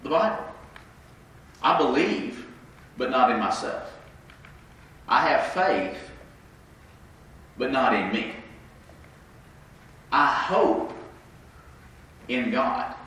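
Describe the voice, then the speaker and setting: A man's voice: medium pitch, very animated, very slow, long pauses, a bit bright. A man preaching an interactive sermon, conversational and questioning the congregation, with a congested voice from his sinuses. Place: church sanctuary. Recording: echoey room mic from a distance.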